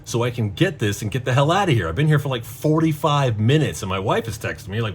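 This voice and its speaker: Fast, with few pauses and a little hiss or hum in the background, this middle-aged vlogger rants casually in a medium-pitched voice. Exasperated and profane, he tells his story animatedly, voicing the quotes.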